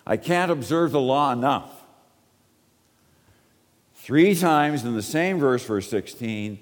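A Canadian man delivers a teaching sermon in a lively, animated voice whose pitch swings widely. He is emphatic and chatty, throwing asides to his listeners. A long reverb trails his words around a church hall. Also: takes it slowly, pauses often. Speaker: preacher.

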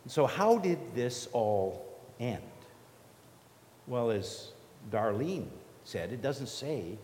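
A man's voice: medium pitch, very animated, extremely slow, darkish tone, slight background noise. A man preaching a sermon in an earnest, conversational way, with restarts and repeated questions. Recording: echoey hall reverb.

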